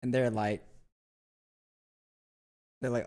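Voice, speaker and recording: A man's voice: mid-range voice, measured pace, darkish tone. A young man streaming, chatting casually in a loose, joking way full of fillers and asides. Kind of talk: casual rambling livestream chat.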